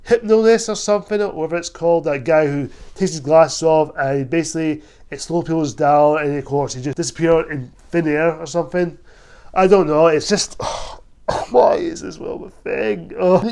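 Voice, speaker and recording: A man's voice: fairly high pitch, a little mellow. A young man reviewing a movie on his own, blunt and exasperated, often repeating himself. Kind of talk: solo film review rant.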